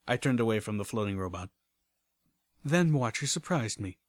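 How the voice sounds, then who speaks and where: A man reading a first-person story aloud in a steady, even storytelling manner. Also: on the low side, normal speed, long pauses, no room sound. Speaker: audiobook reader. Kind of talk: first-person audiobook narration.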